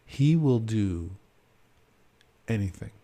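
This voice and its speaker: A man's voice: on the low side, lively intonation, slow, warm tone. A man on a casual podcast, telling a story animatedly with lots of fillers and acted-out quotes. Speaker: podcast host. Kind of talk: casual chat.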